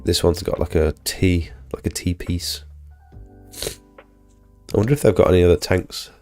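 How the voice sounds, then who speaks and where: Low-voiced man, ill, chatting. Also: normal speed, darkish tone, faint music behind. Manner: rambling, filler-heavy, chatting to viewers. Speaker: pressure washing business owner and live streamer. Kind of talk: casual live-stream chat.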